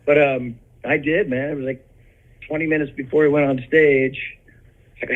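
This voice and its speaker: A man's voice: medium pitch, level tone, moderate pace. An older man, a rock singer, chatting casually as an interview guest and telling rambling stories full of restarts and laughs. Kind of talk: casual anecdotal chat. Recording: dull lo-fi audio.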